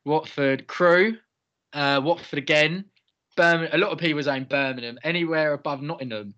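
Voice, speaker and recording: A man's voice: on the high side, normal speed, bright, forceful tone, highs cut off. A young man, co-hosting a casual chat, reading out audience replies and poking fun at himself. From London area. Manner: teasing, self-mocking, reads audience replies. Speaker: podcast co-host.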